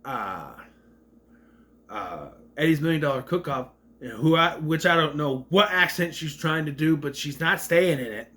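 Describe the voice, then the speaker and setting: A man's voice: fairly high pitch, expressive, moderate pace, fairly bright tone. A man giving a casual, rambling movie rant, with a slight stutter, acting out quotes in raised voices. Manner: mentions a stutter. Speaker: movie reviewer.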